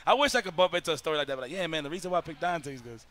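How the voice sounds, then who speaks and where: Male host, bright tense voice, casual chat, excitable, laughs a lot. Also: a little high, rapid-fire. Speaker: stream host.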